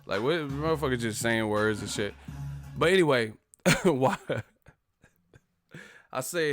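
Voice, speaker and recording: Loose, profane live-stream talker, mid-pitched man, laughs through his lines, faint music underneath. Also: lively intonation, unhurried, pauses often, fairly bright tone. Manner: laughs often, profane, slangy, imitates others. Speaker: commentator. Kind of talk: casual live-stream commentary.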